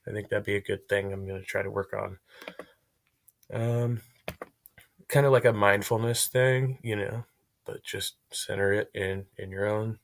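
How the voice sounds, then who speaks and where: A man's voice: fairly low pitch, vocal fry. A man live-streaming, chatting casually in a rambling way and swearing freely.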